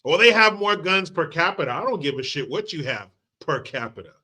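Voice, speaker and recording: A man's voice: a little high, expressive, fairly quick, sharp tone. A man hosting a commentary channel, delivering a profane political rant full of crude mockery and sarcasm.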